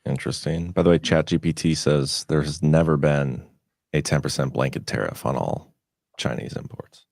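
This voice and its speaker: A man co-hosting a casual livestream, chatting in a relaxed way and adding news tidbits. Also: a bass voice, moderate pace, gravelly, dry recording, studio quality. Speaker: co-host.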